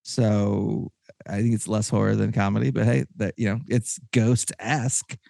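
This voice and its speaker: A man hosting a casual podcast chat with a Texan accent, rambling and excitable, with many restarts. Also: on the low side, moderate pace, creaky, dry recording, clean studio sound. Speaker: podcast host.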